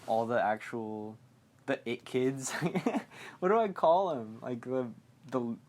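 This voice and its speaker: A man's voice: mid-range voice, animated, takes it slowly, a little mellow. Rambling, giggly young man recapping a movie. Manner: rambling, giggly, acts out characters' lines. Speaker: podcast host.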